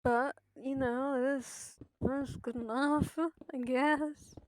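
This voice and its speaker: A woman's voice: sits high, fairly even intonation, slow, a little mellow. A woman streaming a game, chatting casually with her viewers and swearing freely. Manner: chatty, swears freely, talks to chat while playing.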